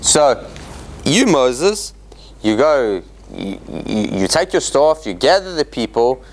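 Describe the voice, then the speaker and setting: A man's voice: medium pitch, slow pace, a little hiss or hum. A man teaching a Torah study class in an informal lecture, acting out quotes and restarting often. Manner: animated, acts out quotes in dramatic voices, many restarts. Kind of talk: informal Bible study lecture with questions to the audience. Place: meeting room of a church centre.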